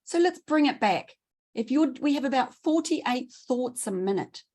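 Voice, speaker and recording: A middle-aged woman giving a training talk, enthusiastic and quick, repeating words for emphasis. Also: high-pitched, animated, dark tone. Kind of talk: presentation talk.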